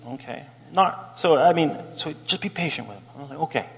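A middle-aged male pastor preaching a sermon as an animated story, acting out the people he quotes and laughing as he goes. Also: on the high side, fairly quick. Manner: animated, acts out quotes, laughs while telling. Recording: long hall reverb.

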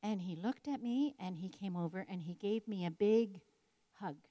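A woman's voice: medium pitch, moderate pace, warm tone. An older woman telling a personal story in an earnest, reflective devotional talk. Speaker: speaker sharing a personal story.

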